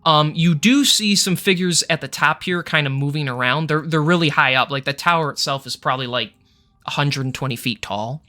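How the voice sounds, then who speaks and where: A man narrating as game master for a tabletop game, in a casual, halting way with fillers and some swearing. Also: fairly high pitch, pushed and bright.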